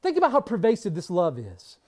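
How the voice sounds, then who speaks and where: Emphatic woman preaching with lively pitch. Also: a little fast. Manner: emphatic, repeats key phrases for stress; swings between hushed and forceful delivery. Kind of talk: sermon.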